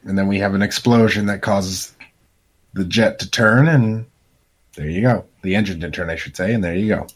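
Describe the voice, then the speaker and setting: A man co-hosting a podcast, playful and quick to laugh in casual chat. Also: sits low, husky. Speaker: podcast co-host.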